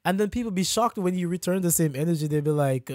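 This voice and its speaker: Male podcast co-host, lively ranter, higher-pitched voice, dry close sound. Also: fast talker, dry recording. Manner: animated ranting storyteller, mimics rude customers. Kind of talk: casual podcast chat.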